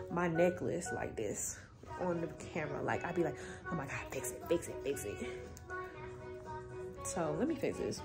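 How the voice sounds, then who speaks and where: A young woman chatting casually to her viewers in a phone vlog from her bedroom, loose and slangy, swearing freely. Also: lowish voice. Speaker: vlogger. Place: bedroom at home. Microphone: phone camera.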